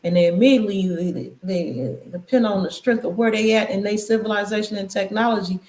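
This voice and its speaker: A woman's voice: medium pitch, brisk, darkish tone. Woman preaching casually in an echoey room. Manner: loose, conversational, preachy riffs. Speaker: channel host. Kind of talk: casual spiritual commentary.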